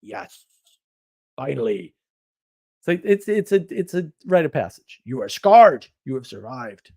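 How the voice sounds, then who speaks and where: A man hosting a casual livestream, chatting and reacting to viewer comments in a rambling, opinionated way, often getting louder or dropping suddenly to a mutter. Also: on the high side, very animated. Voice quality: rambling, opinionated, quick shifts in loudness. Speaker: livestream host.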